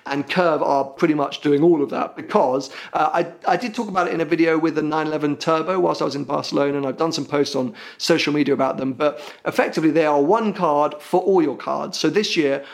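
A man's voice: a little high, quick pace, vocal fry, few pauses. A young British man with a British accent hosting a podcast, chatting casually and rambling a little with plenty of ums and uhs. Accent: British English. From Britain. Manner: rambling, self-deprecating, lots of ums and uhs. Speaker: podcast host.

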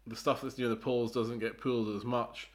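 A man's voice: medium pitch, little pitch movement, a little fast. A man co-hosting a podcast, explaining things in a casual, hesitant way with many fillers and restarts. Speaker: podcast co-host. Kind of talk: casual chat.

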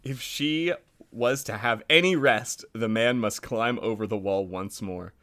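A man's voice: medium pitch, unhurried. A man co-hosting a podcast, reading a fairy tale aloud and joking between passages with frequent laughs. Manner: animated, laughs often.

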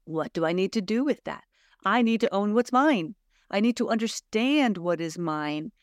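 A middle-aged Swedish woman hosts her own reflective solo podcast, speaking in an earnest, searching way and posing many rhetorical questions to her listeners. Her mid-range voice is animated and at normal speed, in clean studio sound with no echo.

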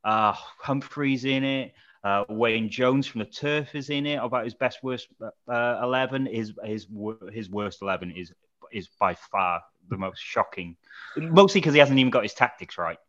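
Dry-joking podcast host with muffled sound. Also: male voice, mid-range voice, moderate pace, a bit bright. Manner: dry, joking, wraps up the chat. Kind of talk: casual football fan chat. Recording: dull lo-fi recording.

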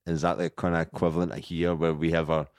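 A man's voice: sits low, level tone, fast talker, darkish tone, no room sound. A Scottish man, a comedian guest on a podcast, chatting casually with a laid-back, dry humor. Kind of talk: casual chat.

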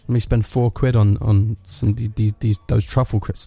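Guy in his 30s doing a sardonic rambling rant, lowish voice, bit of fry, faint music under it. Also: little pitch movement, normal speed, mellow, no room sound. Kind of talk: comic monologue.

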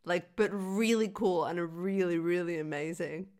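A woman co-hosting a casual movie podcast, excitable, swearing freely and mimicking people as she talks. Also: on the low side, normal speed. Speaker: podcast co-host. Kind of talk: casual chat.

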